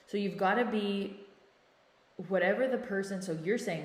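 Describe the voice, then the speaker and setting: A woman's voice: mid-range voice, normal speed, long pauses. A woman hosting a podcast, talking through advice in a casual monologue and often checking in with "right?". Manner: conversational, often adds "right?" tags. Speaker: podcast host. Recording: echoey room with long reverb.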